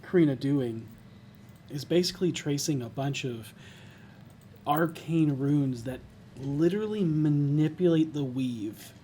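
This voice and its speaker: A man narrating a tabletop game as game master, describing scenes slowly and thoughtfully with pauses. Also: on the high side, animated, mellow, slight background noise.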